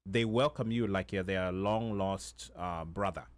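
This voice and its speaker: A man's voice: low-pitched, unhurried, no room sound. A man co-hosting a talk show, speaking hesitantly with many fillers. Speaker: co-host. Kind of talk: casual talk-show conversation.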